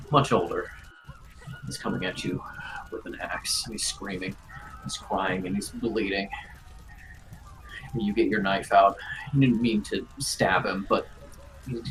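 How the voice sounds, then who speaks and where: A man as game master, narrating a tabletop role-playing scene in a grave, unhurried second-person storytelling manner. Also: lowish voice, fairly bright tone, a little hiss or hum, low-quality recording.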